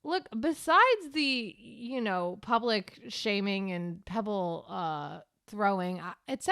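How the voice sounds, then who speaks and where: A woman with a lively, expressive pitch co-hosts a comedy podcast. She asks questions and teases with a straight face. The sound is dry and close to the mic. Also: slow pace, creaky, few pauses, clear, resonant tone, dry recording. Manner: playful questioning, straight-faced teasing. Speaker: podcast co-host. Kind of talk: comedic casual chat.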